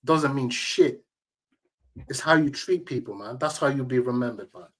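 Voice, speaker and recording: A man's voice: mid-range voice, fast. A man, a tournament organizer telling emphatic, slang-heavy stories as an interview guest. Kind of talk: casual interview storytelling.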